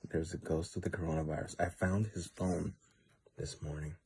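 A man delivering a mock-serious, profane comic rant in a dark room lit by a flashlight. He lurches from hushed whispers to loud outbursts. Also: deep voice, little pitch movement, normal speed, slightly rough. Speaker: comedy video maker.

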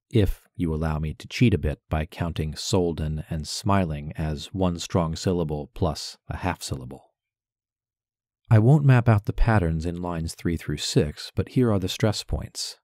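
A man giving a poetry lesson as a voice-over, measured and deliberate, carefully stressing syllables. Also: sits low, mellow, no room sound, studio quality. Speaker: poetry teacher. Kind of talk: instructional narration with poem recitation.

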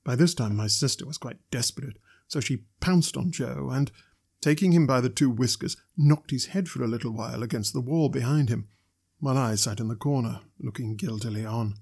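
A man reading a classic novel aloud as narrator, in a measured, steady way. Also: medium pitch, creaky, breathy edge. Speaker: audiobook narrator. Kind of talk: scripted narration.

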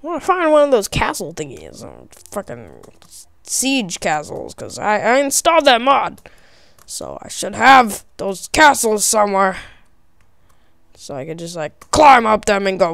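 A woman giving excitable, profane commentary while playing a game, often shrieking in panic. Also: medium pitch, normal speed, vocal fry, dry recording. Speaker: gamer. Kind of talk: let's play commentary.

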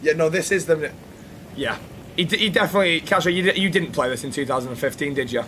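A young man with an English accent, streaming a shooter game with friends and bantering loudly. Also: on the high side, a little hiss or hum. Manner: fast, loud banter, yells when under fire. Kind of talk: casual gaming chat.

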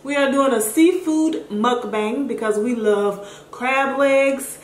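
A woman co-hosting a casual home vlog. She talks in a chatty, giggly way, her voice pitched fairly high. The room is echoey, with a faint background hiss. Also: slow pace. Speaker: vlog co-host. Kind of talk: casual chat.

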